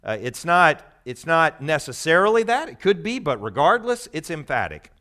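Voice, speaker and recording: A man's voice: fairly high pitch, big pitch swings, normal speed, pushed and bright. Conversational man teaching scripture. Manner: conversational and explanatory, teasing the audience. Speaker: Bible teacher. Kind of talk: expository Bible teaching to a live group.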